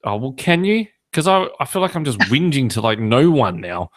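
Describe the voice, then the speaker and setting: A man's voice: medium pitch, sing-song, moderate pace. Joking Australian man hosting a podcast. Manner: joking, ranting. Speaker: podcast host. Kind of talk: casual chat.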